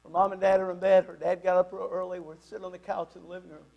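High-voiced pastor telling a story. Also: male voice, fast, creaky, muffled recording. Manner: animated, conversational storytelling. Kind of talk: storytelling sermon.

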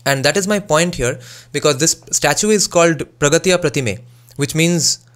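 Opinionated Bengali-accented man, slightly high voice. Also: normal speed. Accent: Bengali-accented English. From Bengal, India. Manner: opinionated, argumentative, asks rhetorical questions. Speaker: music analysis YouTuber. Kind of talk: casual commentary video.

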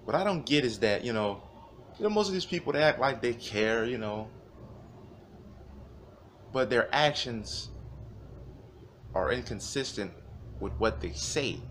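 A man's voice: mid-range voice, animated, a little slow, long pauses, fairly bright tone, a little hiss or hum. A man giving a heated, profane rant to camera, sarcastic and fired up. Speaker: vlogger.

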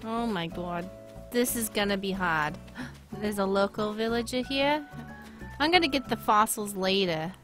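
A woman with a Boston accent giving live gameplay commentary, excitable, gasping and laughing often. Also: mid-range voice, unhurried, soft background music. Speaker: streamer.

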